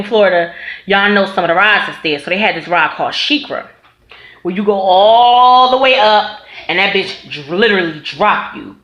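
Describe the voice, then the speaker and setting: A woman tells a story in a casual vlog, animated and laughing, with plenty of swearing. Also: medium pitch. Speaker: vlogger telling a story. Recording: echoey room.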